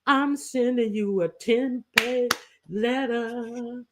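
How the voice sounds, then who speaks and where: A woman's voice: fairly high pitch, steady tone, noisy background, pitched above the performer's own voice. Woman mimicking a muddled, defiant old lady. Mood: mocking. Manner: slow, halting, mocking.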